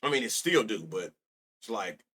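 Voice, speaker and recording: A man's voice: on the low side, sing-song, moderate pace, sharp tone. A young man streaming live about sports bets, rambling and profane, laughing often and talking straight to his chat.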